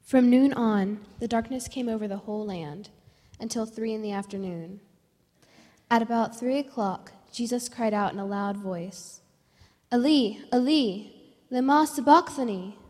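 A woman reading scripture aloud in a church service with a measured, solemn delivery. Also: medium pitch, mellow. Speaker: scripture reader. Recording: long church reverb.

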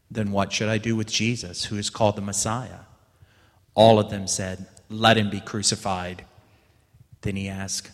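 A man with a fairly low voice reads scripture aloud at a church service. He gives quoted lines extra lift and emphasis. His voice rings out with the long reverb of a church. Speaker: scripture reader. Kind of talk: liturgical scripture reading.

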